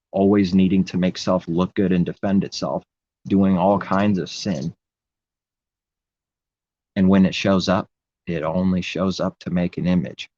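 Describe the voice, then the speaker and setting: Man, deep voice, husky, preachy rambling monologue, dull lo-fi recording. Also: a little mellow. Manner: preachy, rambling, repeats phrases. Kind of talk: impassioned religious monologue.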